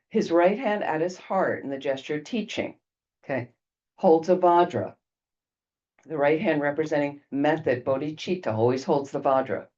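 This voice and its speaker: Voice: medium pitch, darkish tone. Teacher guiding a visualization, dull recording. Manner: peppers explanations with frequent "okay" check-ins. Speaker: Buddhist retreat teacher.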